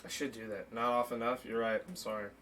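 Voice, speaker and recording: A man's voice: lowish voice, flat delivery, fast talker, a bit bright, slight background noise. A young man hosting a casual podcast and livestream from his desk, teasing his friend and laughing often. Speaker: podcast host and streamer. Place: at a desk in a home streaming setup.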